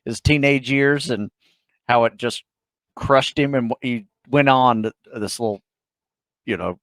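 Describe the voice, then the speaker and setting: A man co-hosting a podcast in a casual, eager way, full of fillers and soft trailing phrases. His voice is mid-pitched, recorded dry and close with no room sound. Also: a little slow, no echo. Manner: enthusiastic, uses fillers, trails off softly. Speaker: podcast co-host. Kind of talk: casual chat.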